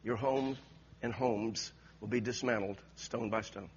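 A man's voice: fairly low pitch, fairly even intonation, measured pace, lo-fi sound, a little hiss or hum. A male preacher giving an impassioned sermon with repeated exhortations to the congregation.

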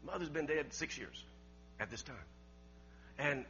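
Folksy bright-voiced preacher man. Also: on the high side, expressive, a little slow, lo-fi sound, a little hiss or hum. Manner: folksy, repeats words, laughs often, swings from loud to hushed. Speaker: pastor. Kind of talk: storytelling sermon.

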